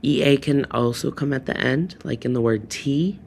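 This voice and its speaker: A man teaching a phonics lesson, sounding out words slowly and deliberately. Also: mid-range voice, a little mellow, slight background noise. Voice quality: gravelly.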